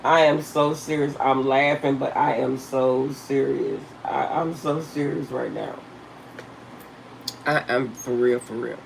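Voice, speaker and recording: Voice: medium pitch, fairly even intonation, a little slow, gravelly, slight background noise, low-quality recording. An older channel host giving casual spiritual advice to viewers in an emphatic, slangy, blunt way, laughing often.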